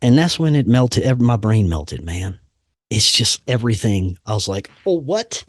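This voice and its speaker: A man hosting a podcast, telling a personal story in a casual, animated way, acting out the voices he quotes and dropping "man" and "dude" often. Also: lowish voice, normal speed, slightly rough, dry recording, clean studio sound. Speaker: podcast host.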